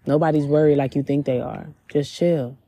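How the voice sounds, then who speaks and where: Woman doing a laid-back, reassuring God, higher and husky. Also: fairly even intonation, moderate pace, dark tone. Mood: soothing. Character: calm reassuring male God voice.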